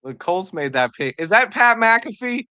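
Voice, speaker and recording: A woman hosting a live draft reaction stream, excitable and joking, answering chat as she goes. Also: medium pitch, moderate pace, no echo, lo-fi sound.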